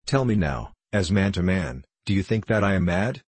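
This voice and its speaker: A man reading the part of an overwrought, haunted ship captain in a storybook, with a husky voice. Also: low-pitched, animated, moderate pace, darkish tone, dry recording. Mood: pleading.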